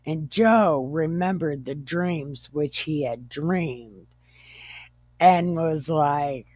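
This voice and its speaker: A woman's voice: low voice, very slow, darkish tone, no room sound. A woman host retelling a Bible story casually, irreverent and profane, often joking.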